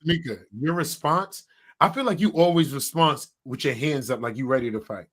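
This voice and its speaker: A man hosting a podcast in casual chat, animated and laughing, swinging between loud outbursts and quiet asides. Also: medium pitch, brisk. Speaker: podcast host.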